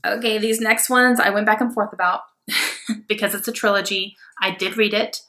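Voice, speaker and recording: A young adult woman chatting casually and excitably about her books, with many fillers. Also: mid-range voice, normal speed. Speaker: book vlogger. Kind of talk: casual book haul chat.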